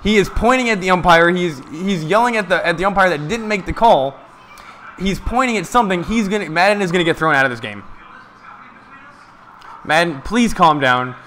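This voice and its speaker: Bright high-voiced man doing excited play-by-play. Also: normal speed, slight background noise. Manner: excited, chatty, talks to viewers. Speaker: live game commentator. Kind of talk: casual play-by-play from a stream.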